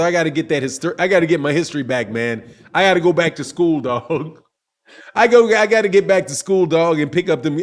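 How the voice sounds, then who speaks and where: Middle-aged male stream host, high-pitched, loose and slangy, rambles through viewer comments. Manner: reads chat comments aloud, slangy and rambling. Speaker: boxing channel host. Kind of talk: casual livestream chat.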